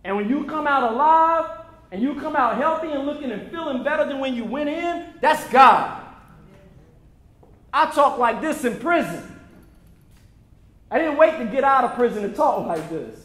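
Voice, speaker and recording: A man with a very high speaking voice delivers an impassioned motivational talk, pressing each point with preacherly, emphatic repetition. His words ring out in a roomy, echoing hall. He speaks to the crowd at a screening like a sermon. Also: lively intonation, normal speed, pauses often, a bit bright. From United States. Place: event venue before an audience.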